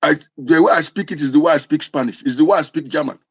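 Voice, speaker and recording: Igbo accented guy scolding his listeners, husky, a bit high, keeps restarting words. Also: fast talker. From southeastern Nigeria. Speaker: traditional spiritual teacher. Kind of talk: impassioned preaching to camera.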